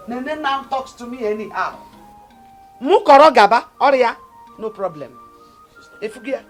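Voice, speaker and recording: A Nigerian woman acting as an elder sister who accuses her brother and his wife of insulting her. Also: high voice. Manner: indignant, accusing. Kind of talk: Nollywood film acting.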